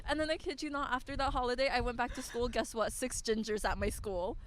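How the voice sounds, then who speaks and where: A young woman on a casual student podcast, telling stories in an animated, giggly way. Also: a little high, quick pace, a little hiss or hum. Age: young adult. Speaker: podcast guest. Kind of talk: casual chat.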